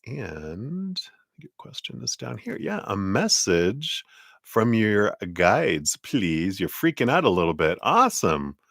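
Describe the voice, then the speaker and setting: A man's voice: fairly low pitch, big pitch swings, slow, fairly bright tone, no echo, studio quality. A man hosting a casual live tarot reading, chatty and reassuring, who laughs often.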